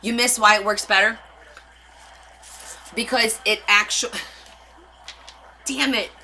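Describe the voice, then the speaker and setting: A woman's voice: fairly high pitch, fairly even intonation, slow, bright, forceful tone, slight background noise, rough recording. A woman hosting a live craft stream, chatting casually with her viewers and answering their comments as she demonstrates. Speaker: craft livestream host.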